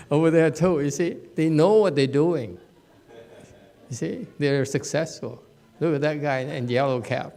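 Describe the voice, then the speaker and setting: A man's voice: a little high, animated, takes it slowly, long pauses, mellow. A man giving an informal Dharma lecture in a meditation hall, chatty and joking, laughing often and repeating words. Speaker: Buddhist teacher giving a Dharma talk.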